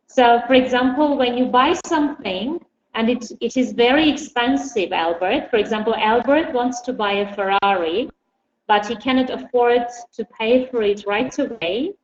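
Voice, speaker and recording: A woman's voice: on the high side, normal speed. A woman teaching an English lesson, patiently calling on students by name. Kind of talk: online language lesson. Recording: echoey, dull, lightly noisy.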